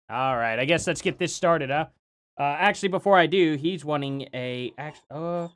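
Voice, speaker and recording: A man's voice: a little high, moderate pace, fairly bright tone. A man live streaming casual commentary, rambling with lots of fillers and chuckles.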